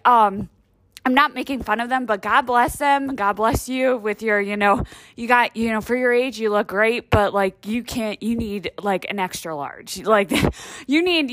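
A woman's voice: fairly high pitch, a bit bright, no echo. Rambling, foul-mouthed woman vlogger. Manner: rambling, profane, heavy use of "like". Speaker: vlog host. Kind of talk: casual comedic monologue.

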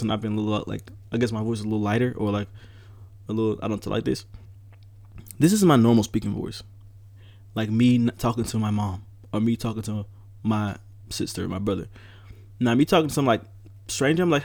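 A young man hosting his own podcast from home, talking in a casual, rambling way, relaxed but animated when riled up. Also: on the low side, creaky, dry recording. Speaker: podcast host. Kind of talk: casual solo podcast rant.

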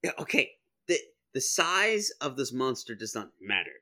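Man, casual comedic debate, very bright tone, lively swinging pitch, laughs often. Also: normal speed. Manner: animated, laughs often, quotes people in put-on voices. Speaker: podcast co-host.

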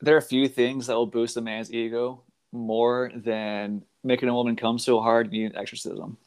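A man's voice: medium pitch, level tone, moderate pace. A man guesting on a podcast, making dry, wry remarks in casual chat.

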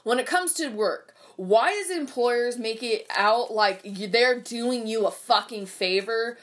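A woman's voice: fairly high pitch, unhurried. Casual rant from a young woman, cursing and rambling, heavy on filler words. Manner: profane, rambling, lots of fillers.

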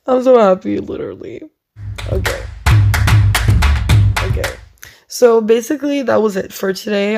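Give me a young woman hosting a casual solo podcast. She rambles in a chatty way, peppering her talk with "like" and "oh my God". Her pitch sits in the middle, and a creaky vocal fry runs through her voice. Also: a little mellow. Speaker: podcast host.

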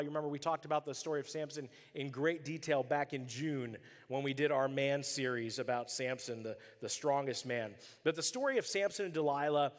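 A male pastor with a slightly high voice delivers a sermon in what sounds like a big room. He tells stories with lots of animation, acting out the voices of the characters.

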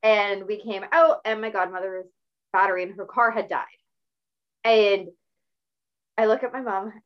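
A middle-aged woman hosting a casual talk show, telling stories in a chatty, animated way. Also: mid-range voice, normal speed. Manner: chatty, animated storytelling with laughs. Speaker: podcast host. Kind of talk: casual conversational interview. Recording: slightly dull lo-fi audio.

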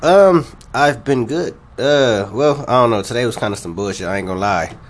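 Brief: male podcast co-host, mid-pitched voice, relaxed rambling storyteller, swears freely. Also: moderate pace, a little hiss or hum. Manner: laid-back, profane, rambling anecdotes. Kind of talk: casual storytelling chat.

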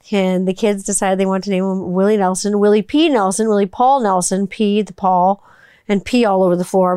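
A woman's voice: mid-range voice, warm tone, smooth, dry recording, clean studio sound. A woman, chatting casually and rambling, full of "like" and the odd swear word. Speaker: vlogger. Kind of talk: casual chat.

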